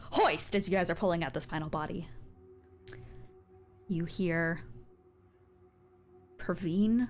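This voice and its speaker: A woman with a lowish voice narrates as game master, chatty and casual with easy laughter. A faint hum of noise hangs in the background. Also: darkish tone.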